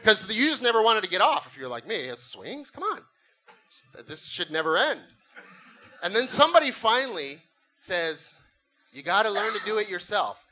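A man's voice: sits high, very animated, normal speed, bright, forceful tone, rough recording. A middle-aged man preaching a sermon, telling a funny story and acting out voices and sound effects. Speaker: pastor.

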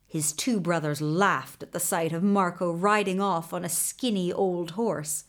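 A woman narrating a fairy tale in an expressive storybook reading style. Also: medium pitch. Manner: expressive, unhurried.

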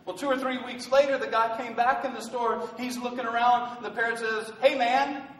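A man's voice: very high-pitched, level tone, brisk, a bit bright. A male pastor preaching a rousing sermon, asking the congregation rhetorical questions. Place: large church hall. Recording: echoey hall from far off.

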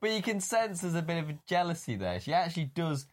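A man co-hosting a casual film podcast, chiming in with relaxed remarks full of "like". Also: on the high side, fast talker. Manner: relaxed chatty interjections, uses "like" a lot. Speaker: podcast co-host. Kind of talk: casual film review chat.

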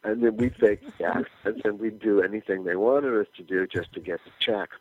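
A man's voice: low-pitched, fairly quick. Older man telling stories over a phone line. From California. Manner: animated anecdotal storyteller, acts out quoted dialogue. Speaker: musician guest. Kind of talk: radio interview storytelling. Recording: phone-line interview, dry.

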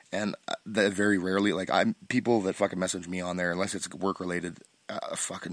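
A man's voice: low voice, dry recording. A man hosting a solo podcast, rambling with constant swearing, frequent restarts and bursts of laughter, and sounding stoned. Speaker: podcast host.

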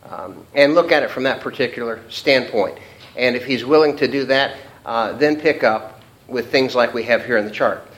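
A man's voice: medium pitch, normal speed, fairly bright tone, low-quality recording. A man teaching an informal Bible study class, reading verses aloud and talking them through with many fillers. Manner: conversational, many fillers, reads scripture aloud.

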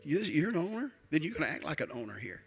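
An older man preaching a sermon as a bishop, swinging between quiet asides and loud emphatic build-ups. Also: fairly high pitch, sing-song, quick pace, soft background music.

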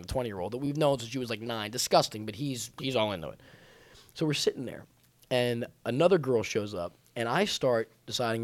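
A man in his twenties telling a crude, joking story in casual chat, sometimes mimicking others in a high voice. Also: no echo. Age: 20s. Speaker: podcast storyteller.

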